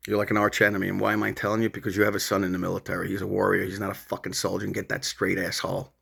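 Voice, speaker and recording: A man's voice: deep voice, completely flat delivery, racing, creaky, fairly bright tone, breathy edge. A middle-aged man rambling at home, swearing and confronting an absent rival in a long monologue. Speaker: vlogger.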